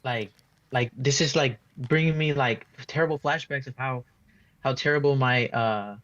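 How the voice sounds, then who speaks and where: A man's voice: mid-range voice, normal speed, a bit bright, lo-fi sound. A man giving a casual post-match fan reaction, rambling and frustrated, full of restarts and "like" fillers. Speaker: football fan being interviewed.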